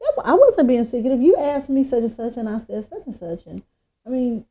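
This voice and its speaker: A woman co-hosting a podcast, talking in a casual, animated way and acting out quoted speech. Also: on the high side, fairly quick. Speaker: podcast co-host. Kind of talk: casual chat. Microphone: podcast microphone.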